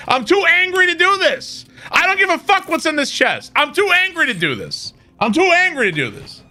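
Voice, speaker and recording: A man's voice: very high-pitched, wildly swooping pitch, a little fast, hardly any pauses, pushed and bright. A man streaming a video game, ranting with exasperation and frequent swearing. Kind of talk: casual gameplay commentary.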